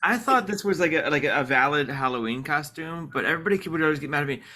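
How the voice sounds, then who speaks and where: A man's voice: a little high, expressive, fast, pushed and bright. A man co-hosting a casual podcast, rambling and joking with lots of fillers. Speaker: podcast co-host. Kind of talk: casual chat.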